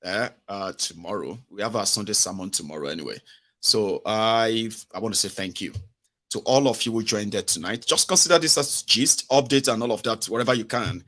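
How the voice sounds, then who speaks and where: Man, nigerian accent, casual political livestream, animated, acts out voices. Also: on the low side, brisk. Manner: animated, acts out quoted voices, Pidgin asides. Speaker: live show host.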